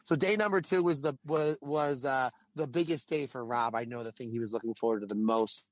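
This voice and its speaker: Podcast guy, excited storyteller, mid pitch, dead dry sound. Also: brisk, no room sound. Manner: animated storyteller. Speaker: podcast co-host. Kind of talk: casual podcast chat.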